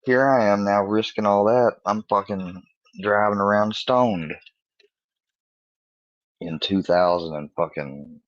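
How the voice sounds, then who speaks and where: Man, deep low voice, casual profane storytelling, laughs a lot, dry dull recording. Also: slow pace, pauses often, dry recording. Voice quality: profane, animated storyteller voicing friends in higher tones. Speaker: podcast host.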